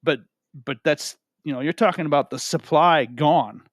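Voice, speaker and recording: A man's voice: a little high, moderate pace, dry recording, clean studio sound. A man giving casual, rambling talk to camera from home, often asking "right?" and repeating himself. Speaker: crypto video host. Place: home room with a cat.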